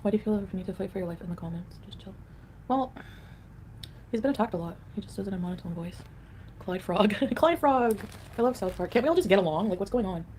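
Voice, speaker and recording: A woman chats loosely through a livestream, reading out viewer comments and replying on the fly. Her pitch is about average, and a faint ambient hum sits under her voice. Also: fast talker, pauses often, a little mellow. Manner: chatty and rambling, answers the chat aloud.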